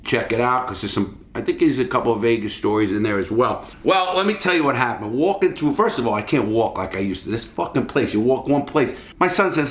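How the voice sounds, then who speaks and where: A man's voice: medium pitch, animated, brisk, few pauses, roomy sound. A middle-aged man telling stories in a rambling, casual way, swearing freely, recorded in a hotel suite. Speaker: storyteller. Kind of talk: profane casual storytelling.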